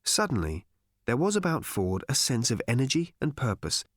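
A man's voice: mid-range voice, big pitch swings, normal speed, dry recording. A man reading a novel aloud as the narrator, with a wry, dry delivery. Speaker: audiobook narrator. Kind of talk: scripted narration.

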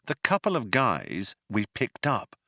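A clever young woman crew member, read by a male narrator speaks quietly and patiently, with the calm of someone used to explaining things twice. The voice is fairly low and bright, recorded close and dry. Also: a little slow, gravelly, no room sound, full character voice.

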